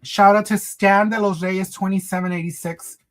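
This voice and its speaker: A man whose voice sits high, steady and a bit bright, hosts a laid-back livestream at normal speed. Sassy and campy, he addresses his viewers as honey and girl and weaves in Spanish phrases.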